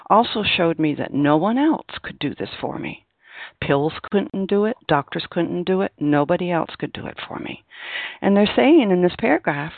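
A woman's voice: fairly low pitch, dry recording. A woman leading a recovery meeting, speaking emphatically and expressively, her voice rising on key words. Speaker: meeting leader. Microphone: phone line. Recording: tinny phone line.

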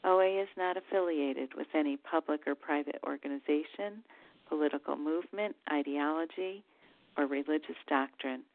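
A woman chairs a meeting and reads its opening text slowly and formally. Her voice sits low with a gravelly fry, and the phone line makes it thin and dry. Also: no room sound. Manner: measured, formal reading. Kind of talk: reading a meeting preamble aloud. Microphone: phone call.

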